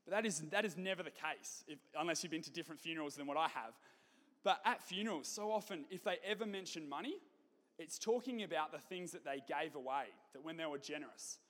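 Male preacher, higher pitch, animated and jokey, long church reverb. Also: quick pace. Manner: lively, animated, jokey asides. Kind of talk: sermon with storytelling.

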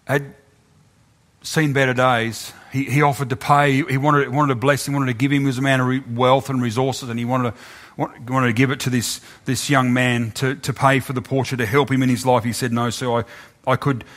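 A man preaching, telling a story in a halting way, often repeating his words. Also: medium pitch, level tone, a bit bright. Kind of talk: sermon storytelling.

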